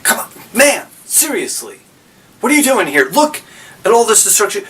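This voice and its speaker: Guy playing an earnest young fighter, kinda exasperated, higher voice, far-off mic. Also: big pitch swings, normal speed, bright, forceful tone, heavily acted. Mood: pleading. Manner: pleading, exasperated.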